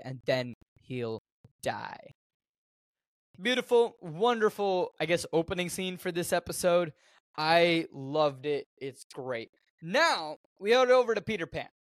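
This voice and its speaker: A man co-hosting a podcast, casually recapping a film from his notes with animated jokes. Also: fairly high pitch, no echo. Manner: animated, joking, reads notes aloud. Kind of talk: casual chat.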